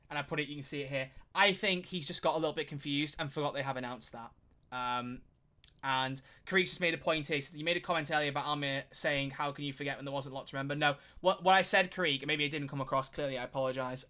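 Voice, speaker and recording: A man streaming live, talking in casual commentary with animated, rambling energy and frequent swearing. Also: a little high.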